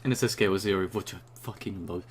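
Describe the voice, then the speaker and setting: A young man ranting casually and excitedly about a new card, rambling and swearing often, just after waking up. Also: low voice, fast talker, slight background noise. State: just woke up. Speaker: YouTuber reviewing a card.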